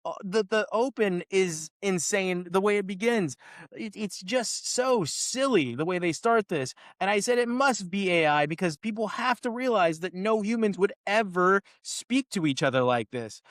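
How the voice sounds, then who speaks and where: High-voiced man ranting about movies. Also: dry recording, clean studio sound. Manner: ranting, exasperated, quotes lines in mocking voices. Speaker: podcast co-host. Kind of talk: casual movie review chat.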